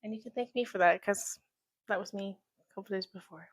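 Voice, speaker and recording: A woman's voice: mid-range voice, a little fast. A young woman co-hosting a podcast, chatting casually in an easygoing, supportive way. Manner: easygoing, supportive listener with frequent backchannels. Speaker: podcast co-host. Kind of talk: casual chat.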